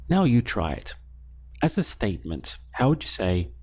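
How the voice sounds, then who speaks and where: A man teaching a beginners' language lesson, saying each phrase twice in a patient, steady way. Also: fairly low pitch, moderate pace. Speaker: Spanish teacher. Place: lives in Latin America.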